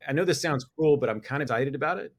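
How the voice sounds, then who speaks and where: A man's voice: mid-range voice, racing. Talkative middle-aged man on a podcast. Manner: talkative, restarts, laughs easily. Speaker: business owner guest. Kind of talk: casual podcast conversation.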